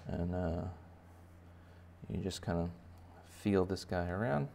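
A man's voice: sits low, expressive, slow, vocal fry, warm tone, slight background noise. A man giving a playful, rambling drawing lesson for children, with many fillers. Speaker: drawing teacher. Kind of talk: casual drawing tutorial for kids.

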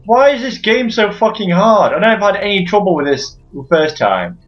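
A high-voiced man with a wildly swinging pitch, swearing and barking at enemies as he plays through a shooter. The recording is dull and lo-fi, with faint game music underneath. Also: very animated, moderate pace. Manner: profane, frustrated outbursts and shouting at enemies. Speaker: gamer playing through a shooter. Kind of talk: let's play commentary.

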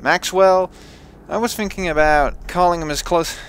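A man's voice: sits high, moderate pace, fairly bright tone, smooth. A young man with a Dutch accent, chatting casually and thinking aloud as he plays a video game. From Netherlands. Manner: chatty, thinks aloud with restarts and self-talk. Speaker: let's play gamer.

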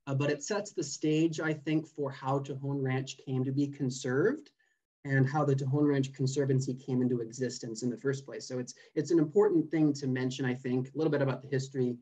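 A young man from California giving a casual online seminar as a botanist, with many fillers and restarts, over a video call. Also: medium pitch. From California, USA. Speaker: guest speaker, botanist.

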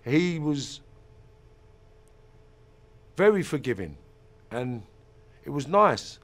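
A man's voice: a little high, sing-song, extremely slow, a bit bright. A middle-aged man, telling an interviewer about his past in an intense, blunt and profane way with emphatic repeats. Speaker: ex-offender turned mentor and motivational speaker.

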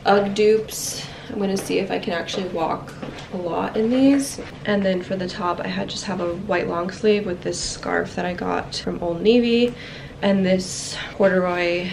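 A woman's voice: fairly low pitch, creaky, background noise. A woman vlogging casually in a chatty, upbeat way, her voice nasal from being sick with a sore throat. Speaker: travel vlogger. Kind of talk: casual vlog narration. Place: hotel room and city streets. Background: background music.

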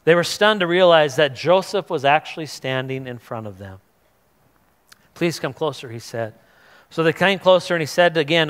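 A man's voice: a little high, a bit bright, clean tone. Man preaching a sermon in a reverberant hall. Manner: retells scripture casually, voicing the characters, with repeated restarts. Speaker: pastor. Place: church hall. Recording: long church hall reverb.

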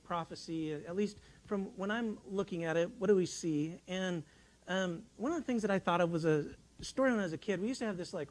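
A man's voice: high voice, poor audio. A man preaching in a church, talking in a folksy, rambling way with many restarts as he tells a childhood story. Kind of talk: sermon. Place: church sanctuary.

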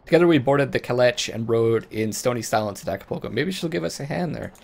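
A man's voice: mid-range voice, expressive, quick pace, vocal fry, darkish tone, a little hiss or hum. Man reading a game's story aloud. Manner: storyteller reading, breaks off into jokey chat. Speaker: let's play host. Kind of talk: reading game text aloud with casual asides.

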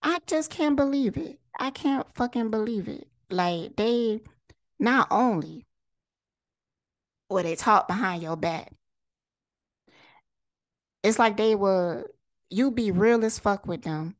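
A woman's voice: mid-range voice, expressive, takes it slowly, long pauses, no room sound. A woman vlogger delivering a heated, profane monologue straight to camera, firing rhetorical questions and repeating lines for emphasis. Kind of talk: impassioned direct-to-camera monologue.

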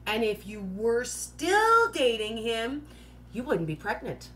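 A woman's voice: fairly high pitch, very animated, unhurried, a bit bright, slight background noise. Chatty woman joking and giggling. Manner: joking, chatty, laughs often at her own jokes; filler-heavy, says 'like' constantly. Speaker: host of a live keto Q&A. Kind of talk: casual live-stream chat.

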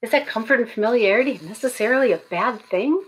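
Brief: woman speaker at a graduation service, relaxed and chatty sermon delivery. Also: fairly high pitch, quick pace. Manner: conversational, humorous storytelling. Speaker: speaker at a college baccalaureate service.

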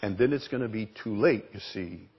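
A man preaching a sermon as pastor, emphatic, repeating words and asking the congregation questions, with a husky voice. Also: on the low side, fairly quick, dull audio. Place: church sanctuary.

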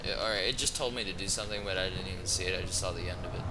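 A man's voice: low-pitched, racing, few pauses, noisy background. A young man commentating a horror game in casual chat, jumpy, swearing and exclaiming at every scare. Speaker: gamer playing a horror game. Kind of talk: casual let's-play commentary.

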